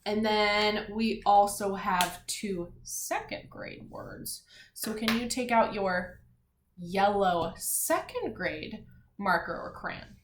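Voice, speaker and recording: A woman teaching a lesson to young children, patient and clear, sounding out letters and words one by one. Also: medium pitch, slow. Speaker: elementary school teacher. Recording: roomy echo, faint background noise.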